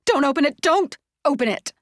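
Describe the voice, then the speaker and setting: A woman narrator voicing a protective young woman friend, sharp and commanding. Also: mid-range voice, expressive, unhurried, no echo, clean studio sound, lightly acted. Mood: alarmed fierce.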